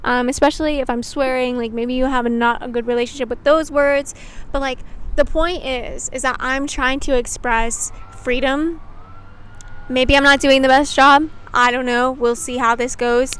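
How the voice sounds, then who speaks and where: Her voice is high-pitched, bright, clear and resonant, with a steady tone and a moderate pace. This young adult woman, a YouTube creator, rambles candidly to camera in a casual, reflective way. She says "like" constantly and drops the occasional swear word.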